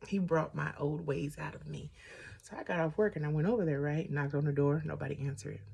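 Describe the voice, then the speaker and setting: Low, gravelly woman telling a storytime. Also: normal speed, a little hiss or hum. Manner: chatty, sidetracked, animated retelling with asides. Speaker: vlogger. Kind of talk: casual storytime while doing makeup.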